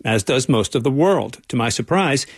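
Gravelly dry-voiced male reporter. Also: medium pitch, animated, normal speed, dry recording. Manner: wry, playful. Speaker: correspondent. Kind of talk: radio feature narration.

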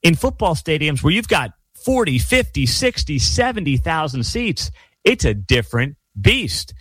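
A man's voice: on the high side, big pitch swings, normal speed, fairly bright tone, husky, dry recording. A man hosting his own sports commentary show, ranting emphatically with a sarcastic edge. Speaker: sports talk host. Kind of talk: opinionated solo commentary.

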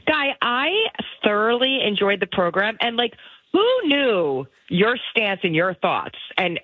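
A woman's voice: mid-range voice, unhurried, no echo. Playful woman on a tinny line. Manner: playful, laughs often, lively storytelling. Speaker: producer and co-host. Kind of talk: casual banter.

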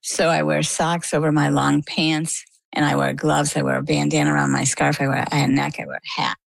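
A woman's voice: deep voice, brisk, creaky, no echo, rough recording. A middle-aged woman from Maine, telling her own story as an interview guest and acting out what others said to her. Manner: lively storyteller, acts out quoted dialogue.

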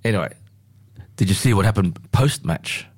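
A man hosting a casual radio sports chat, chatty and halting with fillers. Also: fairly low pitch, animated, breathy edge.

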